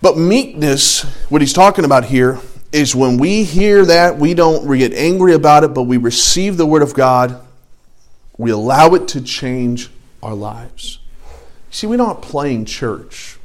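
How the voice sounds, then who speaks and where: A man preaching a sermon as pastor in a conversational way, often dropping to quiet asides. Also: on the high side, animated, unhurried.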